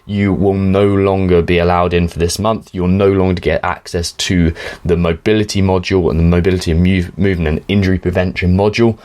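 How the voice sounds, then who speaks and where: Low deep guy hosting a podcast, chatty, lots of ums. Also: fairly quick, few pauses. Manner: chatty, relaxed, frequent ums. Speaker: podcast host. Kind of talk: podcast introduction and interview.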